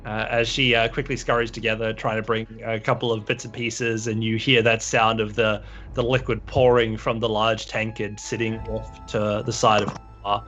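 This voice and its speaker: A man narrating a tabletop game as game master, relaxed with many fillers. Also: on the low side, normal speed, few pauses, muffled recording, soft background music.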